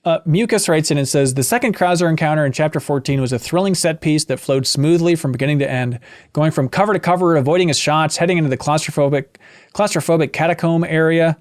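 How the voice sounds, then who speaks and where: A man's voice: on the high side, fast talker. A man hosting a casual game podcast, reading listener messages aloud and joking around. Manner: joking, animated. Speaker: podcast host.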